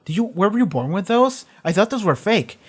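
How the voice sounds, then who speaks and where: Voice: medium pitch, sing-song, brisk, voice pushed up. A reaction host briefly voicing a carefree, oblivious young superheroine who talks in an airy, offhand way. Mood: breezy. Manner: breezy, oblivious.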